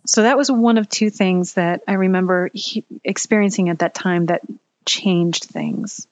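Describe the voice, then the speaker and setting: A woman telling a personal story in a candid, earnest way, pausing at the emotional moments. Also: fairly low pitch, animated, dry recording, lo-fi sound.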